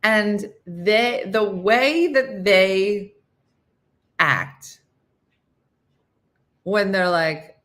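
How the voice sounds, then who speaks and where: A woman with a medium-pitched, somewhat bright voice speaks extremely slowly, with long pauses. She's hosting a casual morning chat show, rambling through stories, laughing at them and losing her train of thought.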